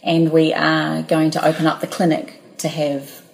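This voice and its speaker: A woman co-hosts a podcast in casual chat. Her voice sits on the low side, and she sounds eager and enthusiastic. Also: monotone, normal speed, vocal fry, low-quality recording. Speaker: podcast co-host.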